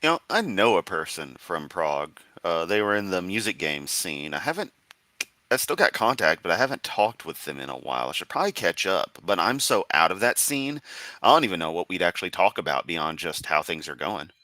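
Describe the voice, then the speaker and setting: Deep, animated streamer. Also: male voice, a little fast, no echo. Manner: sarcastic, teasing, laughs often. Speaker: streamer reacting to a video. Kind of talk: casual commentary stream.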